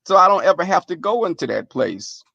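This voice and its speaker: A man on a live stream tells rowdy, profane stories to his chat with animated energy. His voice sits a little high and has a gravelly, fried edge. The recording is dry and close, with no room sound. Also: a little fast, no room sound, highs cut off. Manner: profane, animated, laughing storyteller. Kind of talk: casual storytelling to a chat.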